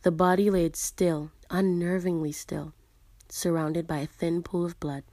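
A woman reading a dramatic story aloud in a hushed, sometimes breathy voice, and later chatting casually about the book. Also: on the low side, flat delivery, a little slow, dry recording. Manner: hushed, at times breathy narration. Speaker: reader and book reviewer.

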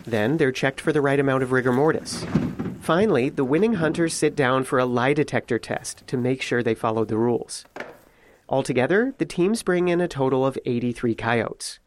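A man reading a scripted radio news report in a measured, even storytelling way. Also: mid-range voice, slight background noise. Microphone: close studio mic.

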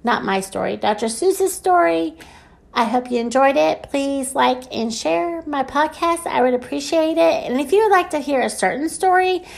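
Animated woman reading a picture book. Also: high-pitched. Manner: playful, animated sound effects for a children's story; slow, clear storytime delivery. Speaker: children's storybook reader.

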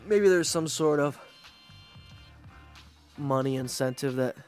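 A man hosting a podcast, ranting in a casual, profane, animated way and mocking others with put-on voices. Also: on the high side, slow pace, faint music behind. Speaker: podcast host. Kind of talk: casual rant.

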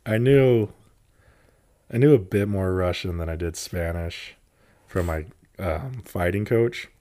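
A man's voice: sits low, takes it slowly. A young man in casual chat, telling stories animatedly and laughing often. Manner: laughs often, animated storytelling with loud bursts.

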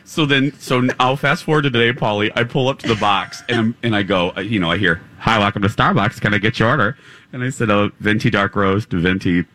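A male morning radio host tells a comic story to his co-hosts on air. His voice is bright and forward, and his delivery is playful and full of jokes. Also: fairly low pitch, brisk, slight background noise. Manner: playful storyteller, joking, laughs often. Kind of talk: live morning radio chat. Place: live broadcast from a theater stage.

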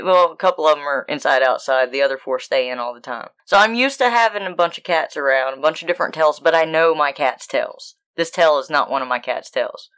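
Woman, podcast co-host, casual chat, swears freely, smooth resonant tone. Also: low voice. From United States. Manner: profane, animated storyteller.

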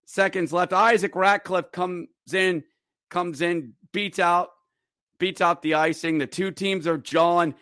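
Male podcast host, higher voice, dry close-mic sound, excitable hockey recap full of jokes and shouts. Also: measured pace, no echo. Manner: excitable, jokey, acts out players' voices with sudden loud shouts. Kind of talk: animated solo sports recap.

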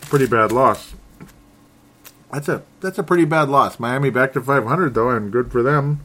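A man's voice: medium pitch, moderate pace, sharp tone. A man hosting a solo sports talk show, sounding frustrated and rambling, often stumbling and correcting himself. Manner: restarts and self-corrections. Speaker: sports podcast host.

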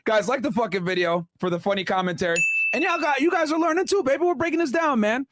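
A young man hosting a casual, profane reaction commentary, animated and quick to laugh. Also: extremely high pitch, noisy background. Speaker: YouTube commentary host.

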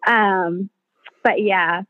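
A woman's voice: medium pitch, extremely slow, no echo. A woman midwife chatting as an interview guest, telling birth stories with lots of fillers and acting out what people said. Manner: animated, acts out quoted voices, many fillers. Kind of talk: casual interview storytelling. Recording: dry, tinny phone-like sound.

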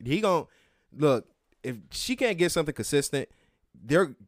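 A man's voice: a little high, sing-song, moderate pace, no echo, studio quality. A man in casual podcast banter who explains things plainly, with plenty of swearing. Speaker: podcast co-host.

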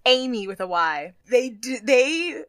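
A young woman co-hosting a casual chat recap, animated and quick to laugh. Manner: animated, laughs often, breaks into a high squeal. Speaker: podcast co-host.

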